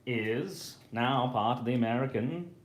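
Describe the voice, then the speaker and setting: A man doing an impression of a stately male colonial statesman, proclaiming slowly and solemnly. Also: mid-range voice, natural voice. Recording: roomy echo.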